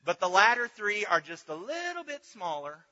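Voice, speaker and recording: A man with a rather high, very bright voice teaches a Bible class, explaining step by step and checking in as he goes. The sound is dull, and a long reverb hangs in the hall around him. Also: very animated, moderate pace. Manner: explanatory, checks in with "okay" and "right".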